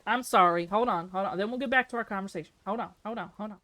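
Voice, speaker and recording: A woman live-streaming a game, chatting casually and playfully with her viewers and reacting out loud to the action. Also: medium pitch, racing, no room sound. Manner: chatty and playful, breaks into yelps and laughter. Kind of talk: casual live-stream chat while gaming.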